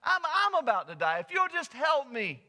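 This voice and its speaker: A man's voice: very high-pitched, sing-song, normal speed, sharp tone, pitched above the performer's own voice, full character voice. A man voicing a sly talking snake who pleads and coaxes in a storytelling sermon. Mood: coaxing. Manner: wheedling, coaxing.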